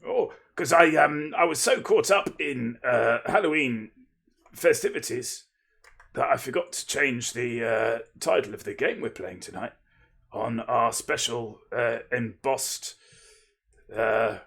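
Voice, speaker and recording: A man's voice: mid-range voice, takes it slowly, creaky, fairly bright tone. A man from Lincolnshire, casually chatting and rambling playfully as a livestream host, thanking viewers and interrupting himself. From Lincolnshire, England.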